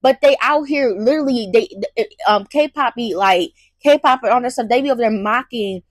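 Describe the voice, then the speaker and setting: A woman's voice: on the high side, no echo. Emphatic young woman ranting, dry sound. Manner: animated, emphatic, repeats herself, slangy. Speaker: commentary host. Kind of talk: casual ranting commentary.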